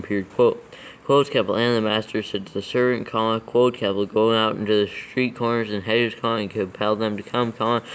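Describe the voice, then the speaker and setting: A man's voice: on the low side, slight background noise, low-quality recording. A man dictating scripture aloud for proofreading, steadily reading the text and naming every comma, capital and quote mark.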